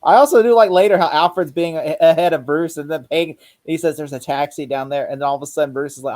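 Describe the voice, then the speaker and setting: A man's voice: fairly high pitch, fast, few pauses, a little mellow, no room sound. A man co-hosting a casual podcast chat, rambling and acting out scenes as he retells them. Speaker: podcast co-host.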